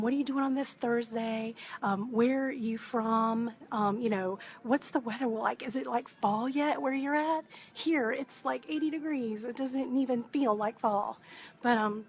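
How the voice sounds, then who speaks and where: A woman speaks in a higher voice, talking softly and chatting through a live shopping stream. She greets her viewers one by one as they join, and her voice is picked up by a phone held in a busy indoor store. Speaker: wreath maker and business coach.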